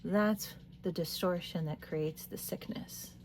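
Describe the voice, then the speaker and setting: A woman in her late thirties giving a tarot reading, talking in a meandering, soft-spoken way with little laughs. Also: on the low side, fairly even intonation, takes it slowly, background noise. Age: late 30s. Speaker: tarot reader. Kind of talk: casual spiritual talk to camera.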